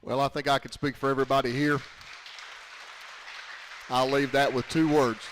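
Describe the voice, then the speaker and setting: A man's voice: medium pitch, flat delivery, moderate pace, fairly bright tone, big-room sound, a faint crowd, slight background noise. A man hosting a live radio show, affectionate and getting emotional as he asks his guest questions. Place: bar and grill.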